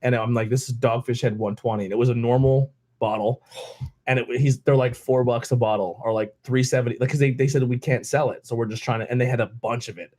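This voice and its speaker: A man from Pennsylvania who co-hosts a beer podcast and spins animated stories. His voice sits mid-pitched, and he pops into louder, higher voices whenever he quotes the people in his anecdotes. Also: quick pace. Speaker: podcast host. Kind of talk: casual storytelling chat.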